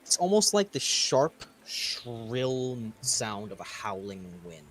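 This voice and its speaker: A man running a tabletop game as game master, narrating scenes vividly with sudden loud stresses. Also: mid-range voice, big pitch swings, takes it slowly.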